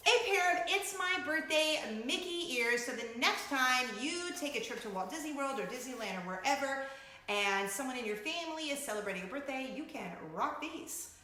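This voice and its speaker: A bright, high-voiced woman in her forties tells a story to camera with big swings of pitch, laughing as she goes. Her voice rings around a very echoey room. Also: normal speed. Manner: animated, laughing, dramatic retelling. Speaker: vlogger host. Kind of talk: casual storytelling vlog.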